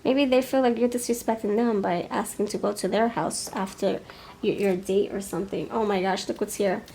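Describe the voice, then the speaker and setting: A woman's voice: medium pitch, steady tone, normal speed, mellow, slight background noise. A woman giving a pick-a-card tarot reading, musing and hesitant, often laughing. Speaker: tarot reader.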